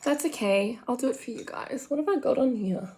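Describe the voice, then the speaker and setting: A woman's voice: high-pitched, a little fast, darkish tone. A young woman with an Australian accent chatting frankly and rambling while she does her makeup at home. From Australian countryside. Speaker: makeup vlogger. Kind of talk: casual chatty commentary.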